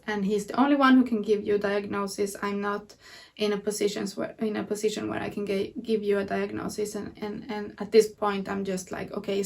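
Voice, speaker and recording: Woman vlogger, candid personal storytelling, slightly gravelly tone, recorded a bit off-mic. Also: medium pitch, recorded from a distance. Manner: earnest, candid retelling of events. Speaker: vlogger sharing her illness story.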